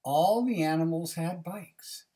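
A woman reading a picture book aloud, pausing for chatty asides to young listeners. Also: fairly low pitch, dark tone. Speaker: reader.

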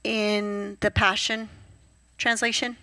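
A woman pastor preaching a sermon, telling stories with lively acted-out quotes. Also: medium pitch, slow pace, no echo. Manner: lively storytelling, acts out voices and quotes. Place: church.

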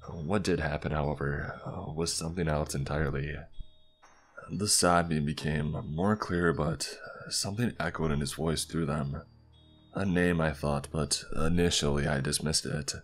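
A man narrating a scripted horror story in a slow, deliberate, somber way. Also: rumbling low, fairly even intonation. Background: faint background music.

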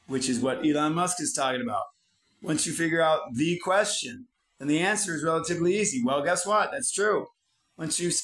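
A man's voice: a little high, fairly bright tone, rough recording. A man delivering a blunt motivational monologue, swearing constantly and preaching at the listener like a self-styled prophet. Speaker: channel host.

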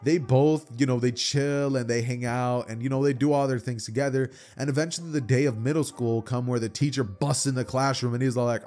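Man, casual rambling storyteller, fillers, medium pitch, faint background music. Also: steady tone, fairly quick, hardly any pauses, a little mellow. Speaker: storyteller, channel host. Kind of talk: casual fan-story narration.

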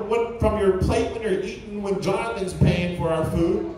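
A man's voice: high-pitched, moderate pace, mellow, slight background noise. A man performing a crude, rambling stand-up comedy set on a club stage, with audience laughter behind him. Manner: crude, rambling, filler-heavy. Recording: echoey room, mic from far.

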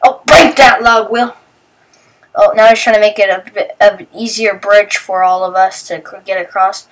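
A woman's voice: mid-range voice, fairly even intonation, moderate pace, fairly bright tone, far from the mic. A young woman vlogger chatting through a casual voice-over, rambling about what her friends are doing. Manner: rambling and chatty, narrating what friends do and acting out their lines. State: sleepy, just woke up. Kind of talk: casual voice-over commentary on video clips.

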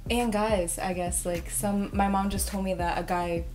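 A young woman telling a story in a casual, rambling way, full of filler words and excitable bursts. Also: mid-range voice, normal speed, soft background music.

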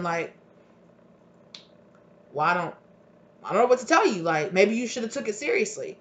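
Animated woman telling a tarot story. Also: mid-range voice, moderate pace, pauses often, muffled recording. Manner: animated storytelling, acting out voices of people in her stories. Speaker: tarot reader. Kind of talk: casual tarot reading monologue.

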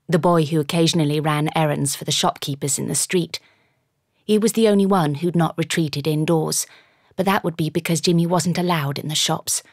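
A woman's voice: low voice, dry recording, studio quality. A woman narrating an audiobook in the first person, with dramatic storytelling.

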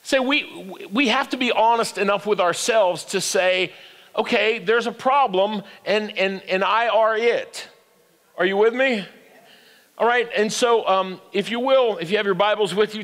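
A man's voice: sits high, a bit bright, in a large hall. An older man preaching a sermon as pastor, with call-and-response that climbs to emphatic peaks. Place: church sanctuary.

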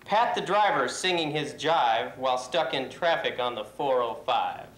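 A man reading a rhyming holiday poem in a steady, measured way for a company video. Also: mid-range voice. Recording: echoey room.

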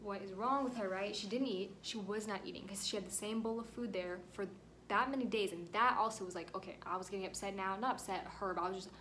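A woman's voice: mid-range voice, fairly even intonation, quick pace, a bit bright, slight background noise. A young woman telling a rambling, emotional storytime vlog at home, at times close to tears. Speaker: vlogger.

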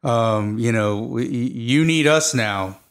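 A man's voice: medium pitch, takes it slowly. A man co-hosting a podcast, chatting animatedly about a film and acting out lines from it. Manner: animated, acts out characters, swears. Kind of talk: casual movie chat.

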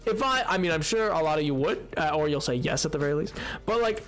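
A man's voice: a little high, lively intonation, quick pace, fairly bright tone, soft background music. A man streaming a game, chatting casually to his viewers in a rambling, self-deprecating way. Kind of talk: casual gameplay stream chat.

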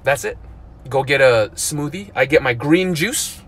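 A man in his thirties talking casually on a live stream, animated and full of "dude" and "like", with loud outbursts and mumbled asides. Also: mid-range voice, slow. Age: 30s. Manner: lots of "like" and "dude", repeats himself. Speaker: vlogger.

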